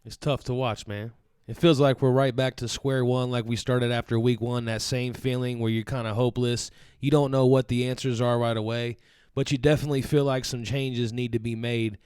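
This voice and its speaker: Chill co-host guy, smooth clear voice, dry close sound. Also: medium pitch, no echo. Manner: measured and calm, reads audience shoutouts. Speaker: co-host and producer. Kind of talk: live show co-hosting.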